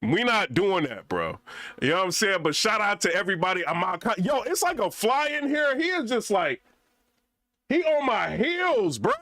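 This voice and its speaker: A man's voice: sits high, very animated, moderate pace, pushed and bright, no echo, studio quality. A young man vlogging in a casual, rambling rant full of slang.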